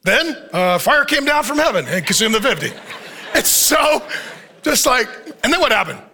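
High, bright-voiced preaching man. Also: moderate pace, a little hiss or hum. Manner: joking, animated storytelling with frequent laughs. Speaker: pastor. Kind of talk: sermon.

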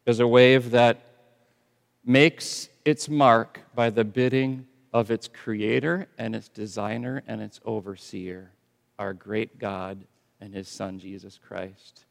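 A man preaching a sermon as pastor, swinging from hushed, slow lines to loud, emphatic ones. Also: mid-range voice, gravelly, long reverb tail.

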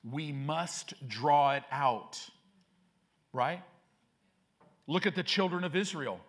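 A man preaching a sermon as pastor, reading scripture aloud with slow, emphatic phrasing. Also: fairly high pitch, expressive, a bit bright.

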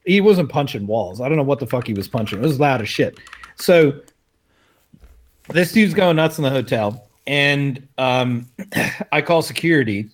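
A man's voice: medium pitch, expressive, normal speed. Laid-back man telling a profane story. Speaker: podcast co-host telling a story. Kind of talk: casual chat.

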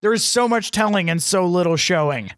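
A man's voice: high voice, expressive, fairly quick, fairly bright tone, no echo. A man co-hosting a podcast, casually recapping a bad action movie, rambling and quoting lines mockingly. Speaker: podcast co-host. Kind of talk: casual movie review chat.

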